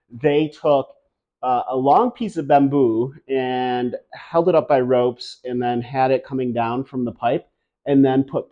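A man's voice: medium pitch, mellow, dull audio. A man from upstate New York, a plant hobbyist chatting casually and playfully to his viewers, often joking at his own expense. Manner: playful, self-mocking, rambling. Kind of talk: casual vlog chat. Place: indoors, home with high ceilings.

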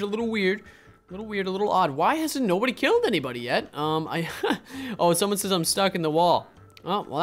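A young man with a fairly high voice chats through a round of an online game, talking to his viewers in a casual running commentary. He swings from easy rambling into sudden loud, excited outbursts. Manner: excitable, jumps to loud exclamations. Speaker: gaming video host.

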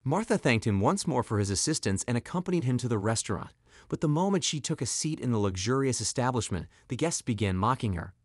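A man's voice: mid-range voice, lively intonation, fast talker, darkish tone, dry recording, studio quality. A man reading a scripted story as narrator.

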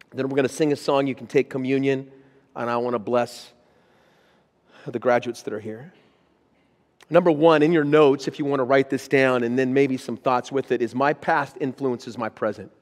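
A man's voice: mid-range voice, in a large hall. A man, a pastor, preaching a sermon, reading scripture with rising intensity and then speaking plainly to the congregation. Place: church auditorium.

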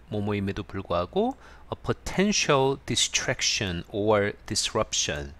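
Fast-talking male English teacher. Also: lowish voice. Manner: explanatory, with many fillers. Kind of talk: explaining an idiom in a video lesson.

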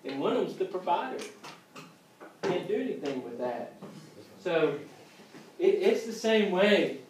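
A man's voice: on the high side, a little mellow, echoey room, slight background noise, low-quality recording. A man teaching an EMT class in a casual lecture style, joking and acting out scenes as he goes. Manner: joking, acts out scenes with voices. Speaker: EMT instructor.

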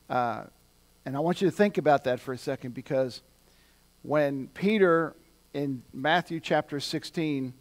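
Man preaching a conversational sermon. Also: mid-range voice. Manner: conversational, building to loud emphatic preaching. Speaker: pastor.

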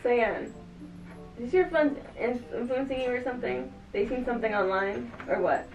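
High-pitched woman, pleading questions, echoey room, far from the mic. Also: normal speed, gravelly, darkish tone, muffled recording. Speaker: vlogger, the girlfriend being pranked. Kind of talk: casual chat. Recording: roomy, far from mic, faint music.

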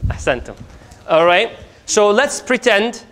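A man's voice: sits high, unhurried. A man teaching a religious class to a live audience, telling stories with humor and acting out the dialogue. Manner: animated, humorous, acts out dialogue. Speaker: Islamic teacher. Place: mosque hall with a live audience.

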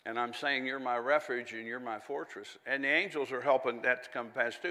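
A man's voice: medium pitch, fairly even intonation, brisk, pushed and bright, in a large hall. A man preaching a sermon in a folksy, conversational way, with chatty asides and little laughs.

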